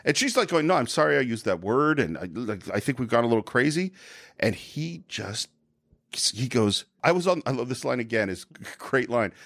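A man's voice: mid-range voice, big pitch swings, normal speed, gravelly, fairly bright tone, dry recording, studio quality. A man co-hosting a casual film-discussion podcast, talking animatedly with many restarts and acted-out quotes. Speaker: podcast co-host.

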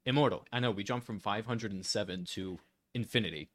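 A man's voice: fairly low pitch, fairly quick, fairly bright tone, dry recording. A man co-hosting a casual chat show, reading facts aloud with playful emphasis. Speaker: co-host.

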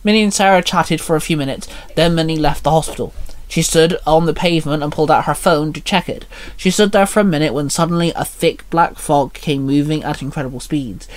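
A man reading a short fan story aloud in a plain, steady narration. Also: fairly high pitch, a little fast.

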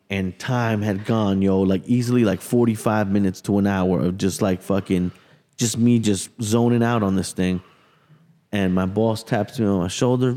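A man in a casual podcast chat tells a story full of swearing and animated asides. His voice sits at an ordinary pitch, and the recording carries a long, ringing reverb. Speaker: podcast host.

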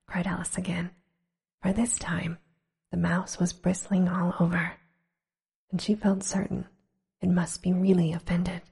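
A woman reading a storybook aloud in a slow, hushed, gentle whisper. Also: fairly low pitch, little pitch movement, gravelly, husky.

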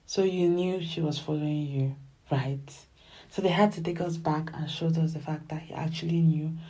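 A woman giving casual, animated commentary as she reviews a television drama. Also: low-pitched, normal speed, husky. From Nigeria. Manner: animated and emphatic, often acts out dialogue.

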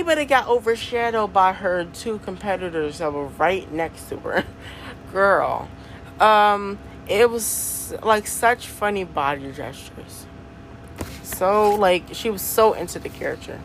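A young woman hosting her own podcast, chatting casually in a slangy, animated way and laughing often. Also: mid-range voice, slight background noise. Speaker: podcast host. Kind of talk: casual solo podcast chat.

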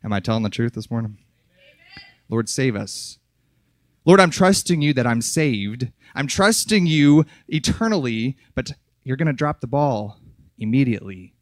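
A man preaching a fiery sermon at a youth conference, yelling hard and then dropping to soft, close asides. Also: medium pitch, expressive, normal speed, no echo.

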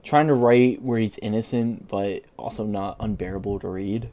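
A man's voice: lowish voice, fairly even intonation, moderate pace, warm tone. Rambling young man in casual chat. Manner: rambling storyteller, trailing restarts. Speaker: podcast co-host.

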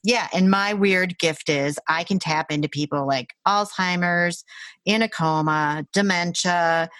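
A woman's voice: fairly low pitch, unhurried, a bit bright, no room sound. A woman who works as a Reiki practitioner, telling a story casually in a conversation. She talks animatedly, laughs often and uses many fillers. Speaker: Reiki practitioner and intuitive healer.

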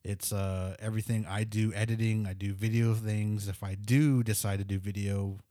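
Low-voiced rambling man, dry mic. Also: level tone, normal speed, warm tone, dry recording. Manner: rambling, filler-heavy. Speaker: musician guest. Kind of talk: casual chat.

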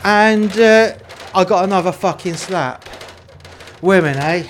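A man's voice: sits high, a little slow, background noise. Foul-mouthed man rambling in role-play. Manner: crude, heavily profane, rambling storyteller. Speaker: player in prison role-play. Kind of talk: casual role-play chat.

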